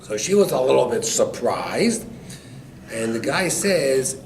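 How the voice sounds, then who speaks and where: Rabbi guy telling a lively story in class, far from the mic, noisy echoey room. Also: medium pitch, unhurried, gravelly. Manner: animated storyteller. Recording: echoey room, distant mic, background noise.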